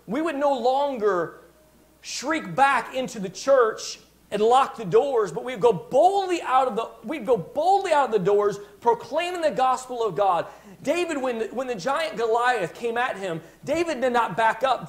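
A man preaching a sermon as pastor, emphatic, stopping to restart phrases and asking his congregation "Amen?". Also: very high voice.

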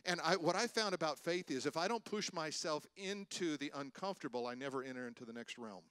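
An older man preaching a sermon as pastor, animated, with loud rises for emphasis and calls out to the congregation. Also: fairly high pitch, brisk, clear, resonant tone, dry recording. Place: church stage.

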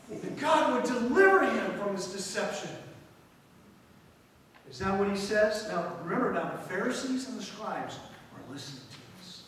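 A man with a high voice preaching in a church sanctuary, switching between reading verses and commenting on them dramatically. He is miked from a distance, so his voice rings through a long, echoey hall over a faint room hum. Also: lively intonation, normal speed, fairly bright tone. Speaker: guest preacher. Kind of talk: sermon.

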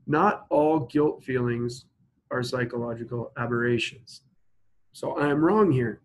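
A male instructor works through logic examples at an even pitch. He slows down to spell out each sentence and keeps asking his listeners to stop and think before he gives the answer. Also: poor audio. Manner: explains step by step, asks students to pause and think. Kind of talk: recorded logic lecture.

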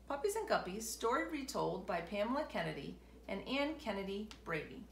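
A woman hosting a children's storytime, reading a picture book aloud in an expressive way. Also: medium pitch, a little fast, gravelly, few pauses, slight background noise. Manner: animated, expressive. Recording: roomy echo.

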